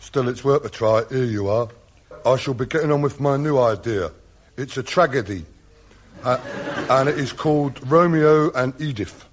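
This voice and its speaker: A man's voice: medium pitch, normal speed, slight background noise. A man speaking in a plain-spoken, dim and cheerful way in a radio comedy sketch. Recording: dull radio recording with loud audience laughter.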